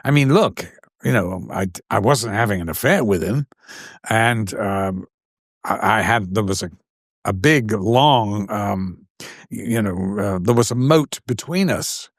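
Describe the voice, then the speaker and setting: An older Englishman recounts stories from his career with lively animation, slipping into the voices of the people he describes. The sound is dry and close, with no room echo. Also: lowish voice, a little slow. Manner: animated, acts out quoted voices in anecdotes. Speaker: actor and guest. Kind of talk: anecdotal storytelling.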